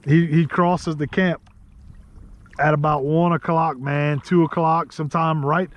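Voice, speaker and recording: A man with a Louisiana accent hosting a casual outdoor vlog from a kayak in the marsh, chatty and quick to laugh. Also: a little high, steady tone, highs cut off. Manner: chatty, laughs easily, rambling asides. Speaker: host.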